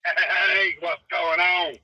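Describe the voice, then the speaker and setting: A man's voice: high-pitched, fairly even intonation, very slow, sharp tone, breathy edge, no room sound, lo-fi sound. A man calling in over a phone on speaker, ranting angrily with constant profanity and threats, often stammering and restarting. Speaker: phone-in guest. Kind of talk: angry call-in rant.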